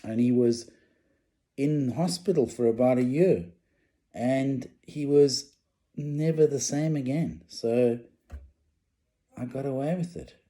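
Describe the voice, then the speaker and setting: Middle-aged man, casual storyteller, rambling with restarts, very dark mellow tone. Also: medium pitch, slow pace, long pauses. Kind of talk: personal storytelling.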